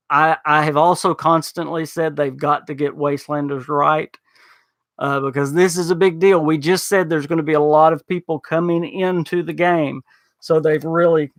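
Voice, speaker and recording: A man's voice: a little high, dry recording. A man hosting a casual podcast, reading viewer comments in an easygoing way, with many fillers and restarts. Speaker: podcast host.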